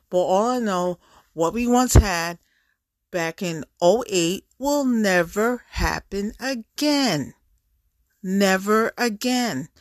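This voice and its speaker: A woman's voice: medium pitch, no room sound, clean studio sound. A middle-aged woman venting candidly to the camera, frank and exasperated, hammering points home with repetition.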